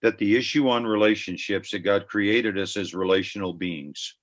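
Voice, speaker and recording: A man's voice: fairly low pitch, normal speed. An older man speaking as a guest on a ministry podcast, earnest and reflective, telling personal stories in a conversational way.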